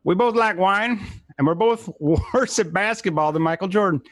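High-voiced laughing male podcast guest. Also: normal speed, noisy background. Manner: laughs through his lines, self-mocking. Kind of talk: casual chat, reading jokes.

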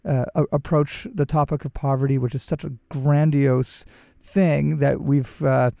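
A man hosting a podcast interview, asking long questions haltingly with many restarts and "uh"s. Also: fairly high pitch, little pitch movement, gravelly, mellow, dry recording, clean studio sound. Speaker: podcast host.

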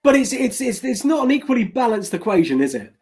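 A man's voice: extremely high pitch, very animated, fast talker, a little mellow, husky. An English man co-hosting a casual chat, telling rambling anecdotes with frequent restarts and laughs.

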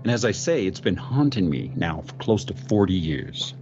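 A man with a low voice retells a ghost story with theatrical flair. He stumbles and repeats words, then jumps up in pitch on exclamations, half channeling a famous actor. The sound is muffled and lo-fi, with soft music underneath. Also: very animated. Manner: slipping in and out of a celebrity impression; halting, repeats words, sudden high exclamations.

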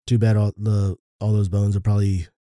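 A man's voice: fairly low pitch, level tone, brisk, dark tone, no room sound, clean studio sound. A man co-hosting a casual podcast, laid-back, with wry asides. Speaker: podcast co-host.

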